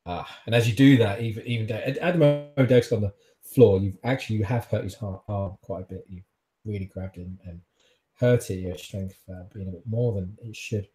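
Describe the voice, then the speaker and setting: A man's voice: fairly low pitch, fairly quick, warm tone. A man narrating as game master, rambling and hesitant, with many fillers.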